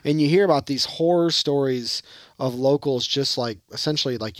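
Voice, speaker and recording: A man with a Michigan accent, co-hosting a casual hunting podcast and telling stories in a rambling, animated way. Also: mid-range voice, normal speed, no echo, studio quality. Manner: rambling storyteller, animated, mimics locals. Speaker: podcast co-host.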